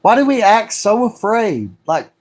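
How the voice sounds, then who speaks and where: Male livestream host, higher-pitched, heated ranting delivery built on repeated rhetorical questions. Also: big pitch swings, unhurried, a little mellow. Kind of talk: solo livestream monologue.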